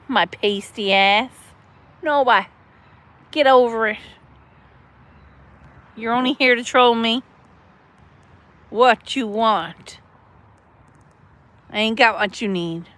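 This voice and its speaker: A woman's voice: on the high side, slow pace, pauses often, fairly bright tone. A middle-aged woman chatting on a casual livestream, answering chat in a chatty, mothering and blunt way, with some cursing. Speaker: livestream host reading chat.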